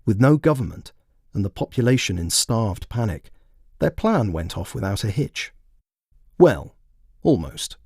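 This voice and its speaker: A man reading his own written story aloud in measured, plain scripted narration. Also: fairly low pitch, big pitch swings, darkish tone, slightly rough, no echo, clean studio sound. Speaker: author and narrator.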